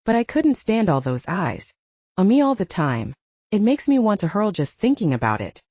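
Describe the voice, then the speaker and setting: A woman's voice: medium pitch, sing-song, normal speed, darkish tone, dry recording, dull audio. A woman narrator voicing a distraught young heroine, strained and self-deprecating, in an audiobook. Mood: wry. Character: distraught young woman, ashamed but wry.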